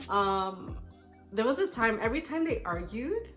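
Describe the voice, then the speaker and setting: A woman's voice: a little high, sing-song, a little slow, fairly bright tone, faint music behind. A young woman vlogger telling a personal story in a casual, candid way, with a petty, sassy streak.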